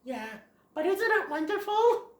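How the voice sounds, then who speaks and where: A fan reviewer voicing a sweet young female fawn in a soft, high voice, in a roomy space. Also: big pitch swings, measured pace, heavily acted. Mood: dreamy. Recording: roomy echo.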